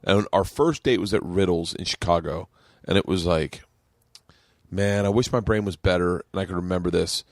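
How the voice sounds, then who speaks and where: A man in his forties hosting a podcast, telling a story in casual chat and laughing as his voice jumps up high. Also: moderate pace, no room sound. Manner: excitable, laughing, rising to yelps when retelling. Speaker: podcast host. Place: home studio.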